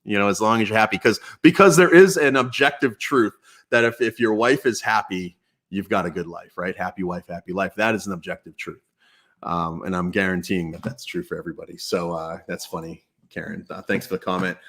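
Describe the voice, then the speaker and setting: A man with a low, deep voice hosts a casual live Q&A stream. He talks in a chatty, relaxed way, full of ums, uhs and restarts, speaking into a desk mic indoors. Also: fairly quick. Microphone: external mic at home computer.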